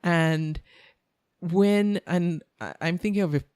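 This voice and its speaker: A woman's voice: fairly low pitch, slow pace, darkish tone, smooth, dry recording, clean studio sound. A woman hosting a podcast interview, chatty and conversational, often restarting her sentences. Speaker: podcast host. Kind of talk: casual interview chat.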